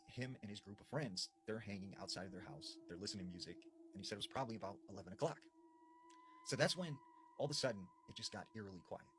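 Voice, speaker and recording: Animated man telling spooky tales. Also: lowish voice, a little hiss or hum. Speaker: storyteller. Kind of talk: retelling spooky stories.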